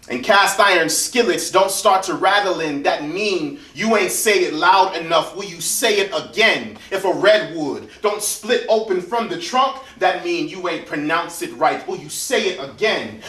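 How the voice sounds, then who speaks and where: A man's voice: high voice, bright, forceful tone. A man performing spoken word poetry at a live reading, building rhythmic, repeated questions that rise and fall sharply in force. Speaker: featured poet. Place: hotel event room, indoors. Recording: echoey room, voice from far off.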